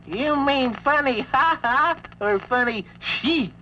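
A woman's voice: sits high, lively intonation, slow, pushed and bright, exaggerated voice. A woman voicing a sly male wolf putting on a frail old granny voice, with a slangy, drawling, evasive way of wisecracking on a comic storybook record. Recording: dull lo-fi vintage record with faint hiss.

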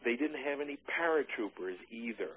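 An older man in an oral history interview, recalling his army days with dry humor and many halting "uh" restarts. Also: medium pitch, animated, fairly bright tone, breathy edge, poor audio.

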